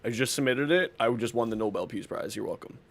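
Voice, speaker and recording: A man's voice: mid-range voice, fast talker, vocal fry. A man hosting a casual game livestream, greeting viewers by name and joking as he plays. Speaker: livestream gamer.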